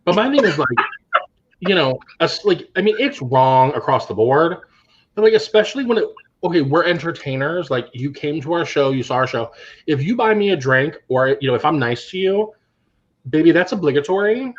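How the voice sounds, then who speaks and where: A man, a drag queen co-host, telling sassy, animated anecdotes in casual chat. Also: a little high, moderate pace, muffled recording.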